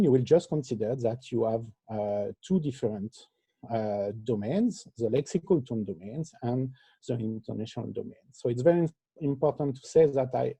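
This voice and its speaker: A man presenting an academic lecture over a video call, halting often with filler sounds. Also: mid-range voice, gravelly, mellow, slightly rough, dry recording. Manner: hesitant, frequent filler sounds. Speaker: conference presenter.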